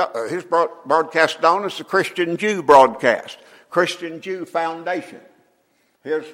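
An older man preaching a sermon in a folksy way, often clearing his throat between phrases. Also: fairly high pitch, fairly bright tone. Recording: long hall reverb.

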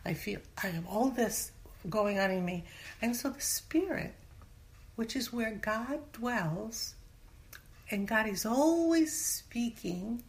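A woman's voice: fairly high pitch, animated, takes it slowly. A woman giving a casual Bible teaching in conversation, earnest, sometimes dropping to a whisper for emphasis. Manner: acts out everyday voices when quoting. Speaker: Christian teacher.

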